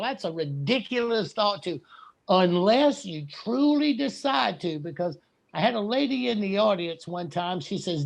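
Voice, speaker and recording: A man giving a slow, earnest and blunt spiritual talk. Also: high voice, very animated, creaky. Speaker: guest speaker.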